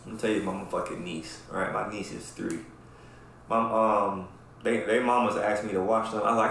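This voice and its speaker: Brief: male podcast host, swears a lot, animated storyteller, very roomy echo, faint room noise. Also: lowish voice, moderate pace, vocal fry. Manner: profane, animated, keeps asking "right?". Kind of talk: casual storytelling chat. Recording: very echoey room.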